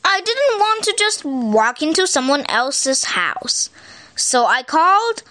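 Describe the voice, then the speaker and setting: A woman reading a picture book aloud in an animated, expressive way, as a storyteller. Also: sits high, slow pace.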